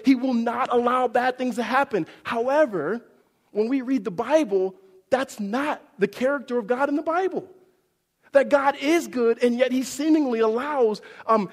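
A man giving a sermon as pastor, animated and conversational, acting out quoted voices with big swings up and down. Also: very high-pitched, in a large hall.

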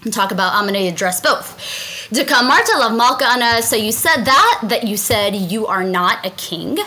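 Bright-voiced woman teaching Talmud. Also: fairly high pitch, animated, moderate pace, rough recording. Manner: chatty, translates Aramaic and checks in with 'right?'. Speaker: Torah class teacher. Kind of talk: explaining a Talmud story.

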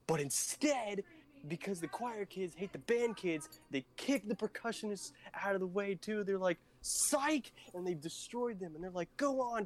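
A man co-hosting a casual podcast, telling a silly rambling story in a playful way. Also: high-pitched. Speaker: podcast co-host.

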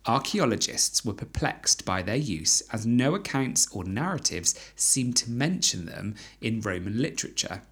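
A woman's voice: moderate pace, few pauses, slightly rough. A woman co-hosting a podcast, chatting casually and reading out odd facts. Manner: chatty, reads facts with lively pitch. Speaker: podcast co-host. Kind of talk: casual chat.

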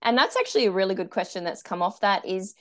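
A woman's voice: medium pitch, expressive, fast, fairly bright tone. A woman hosting a casual interview chat, encouraging her guest with short affirmations. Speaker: podcast host.

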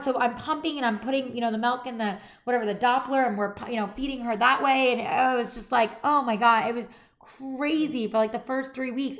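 A woman in her thirties hosting a podcast, chatting casually and animatedly and acting out the people she quotes. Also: a little high. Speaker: podcast host. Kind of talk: casual chat.

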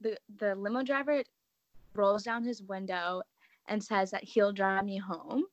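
A young woman co-hosting a casual podcast, telling a story in a relaxed way with ums and restarts. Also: mid-range voice, a little slow, no room sound, highs cut off. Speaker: podcast co-host.

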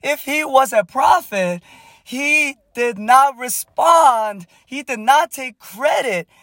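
A man preaching a sermon with passion, building to shouted prayer and prophetic declarations. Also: extremely high pitch, expressive, takes it slowly, dry recording.

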